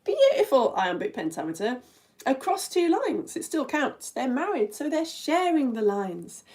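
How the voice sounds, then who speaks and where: A woman from the UK teaching an online lesson in a chatty, animated way, often asking the listener questions. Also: sits high, a little slow, husky.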